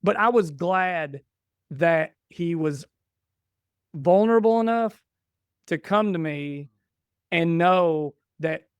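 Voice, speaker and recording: A man in his forties tells family stories on a podcast, slipping into the voices of the people he quotes. His voice sits a little high and sounds smooth. The recording is dry and close. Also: takes it slowly, long pauses, no echo. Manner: animated, acts out dialogue in stories. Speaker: podcast guest. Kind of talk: casual storytelling chat.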